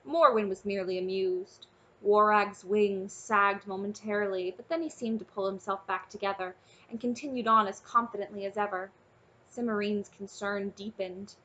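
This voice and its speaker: A woman narrating a children's fantasy novel aloud in an expressive, storytelling manner, in a dull lo-fi recording. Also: medium pitch, normal speed. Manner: warm, expressive storytelling, casually addressing listeners. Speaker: audiobook narrator.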